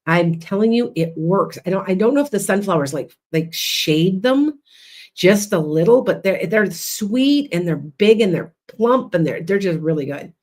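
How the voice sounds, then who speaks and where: A woman hosting a livestream as a psychic and hypnotist, chatting loudly and rambling with many restarts. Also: on the low side, animated, moderate pace.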